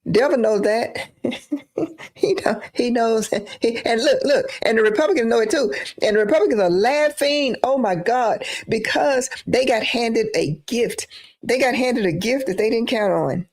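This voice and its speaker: A woman's voice: a little high, normal speed, darkish tone. A woman giving emphatic live-stream political commentary, repeating phrases for emphasis.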